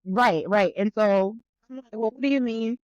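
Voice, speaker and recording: A woman appearing as a podcast guest tells a story in casual, animated chat, swearing freely and acting out both sides of the conversation. Her voice is fairly high and her pace normal, and the recording sounds lo-fi.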